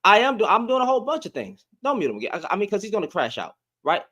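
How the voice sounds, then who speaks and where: A man's voice: high voice, big pitch swings, rapid-fire, fairly bright tone. A man hosting a live audio debate, arguing heatedly and repeating his phrases over and over. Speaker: host.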